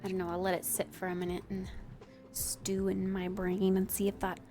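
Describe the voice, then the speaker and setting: A woman's voice: medium pitch, completely flat delivery, moderate pace, warm tone, faint music behind. A woman streamer thinking aloud in a casual, playful way while she builds in a game. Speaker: live streamer.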